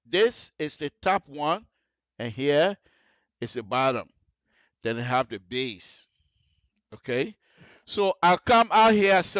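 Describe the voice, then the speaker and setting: In a radio studio, a man gives an on-air technical tutorial about building and designing roads, explaining carefully and repeatedly checking in with questions like "you see the difference?" He speaks slowly with frequent pauses, in a fairly high, expressive, slightly bright voice, and there's no room sound.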